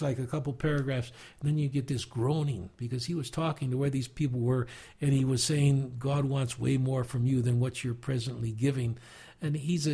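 An older man from the United States talks in an unhurried, earnest way, restarting phrases and chuckling softly. His voice carries a gravelly rasp and a husky breathiness. He sounds like a seasoned preacher reflecting in conversation. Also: on the high side. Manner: earnest, emotional, with warm chuckles and halting restarts. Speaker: guest preacher.

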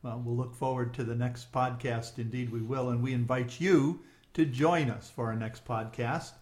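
A man hosting a podcast interview, listening attentively with short affirmations and posing measured questions. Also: medium pitch, fairly even intonation, darkish tone. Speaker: podcast host.

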